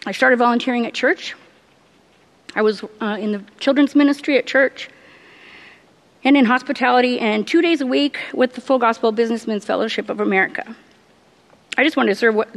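A middle-aged woman giving a personal faith testimony, earnest and halting, laughing often as she tells it. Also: a little high, long reverb tail. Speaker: church member giving testimony.

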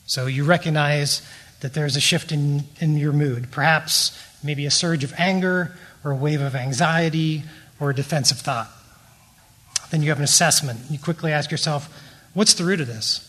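Brief: middle-aged male recovery teacher, slightly higher voice, measured, earnest, reading prepared notes. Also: fairly even intonation, fairly bright tone.

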